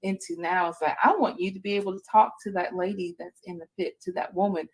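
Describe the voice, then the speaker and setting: A woman's voice: fairly low pitch, fairly even intonation, fast, breathy edge, low-quality recording. A woman podcast host in a faith-based interview, encouraging and preachy, leaning on fillers.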